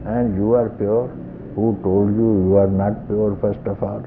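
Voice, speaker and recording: An older man with an Indian English accent giving a slow, repetitive satsang talk as a spiritual teacher, often chuckling softly. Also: lowish voice, little pitch movement, background noise. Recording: tinny lo-fi archival tape.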